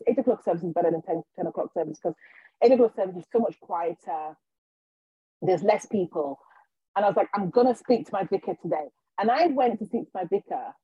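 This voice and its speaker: A woman, a healer and podcast guest, telling a personal story with animated energy, acting out the quotes and restarting her sentences. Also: fairly low pitch, slightly rough, dry recording, highs cut off. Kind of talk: casual storytelling in an interview.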